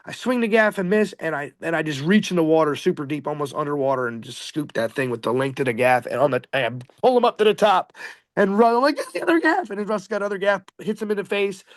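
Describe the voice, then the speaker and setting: Excited man rambling through a fishing story. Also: a little high, quick pace, dry recording. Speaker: fishing captain telling a catch story. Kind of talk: casual storytelling.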